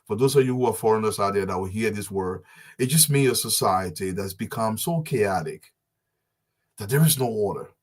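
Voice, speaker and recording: A man's voice: on the low side, expressive, moderate pace. A man from Liberia, giving an impassioned live-stream address as a community advocate, with emphatic, repetitive rallying oratory.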